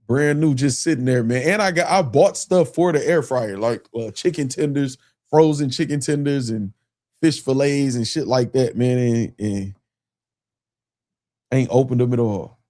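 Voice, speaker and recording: A man's voice: mid-range voice, unhurried, a little mellow. Laid-back man chatting on a livestream. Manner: loose, repetitive, talks to chat, laughs often. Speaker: livestream host. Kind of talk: casual livestream chat.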